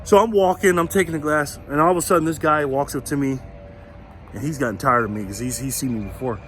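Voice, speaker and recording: A man's voice: on the high side, fast, a bit bright, slight background noise. A man vlogging in a casual storytelling rant, defiant and confrontational, retelling a run-in with laughs along the way. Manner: defiant, confrontational, says so himself.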